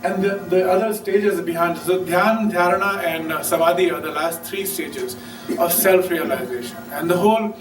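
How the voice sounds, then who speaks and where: A man's voice: high-pitched, reverberant, far from the mic, rough recording. A man giving a casual talk on meditation, often checking in with "right?". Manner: casual, keeps asking "right?". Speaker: speaker.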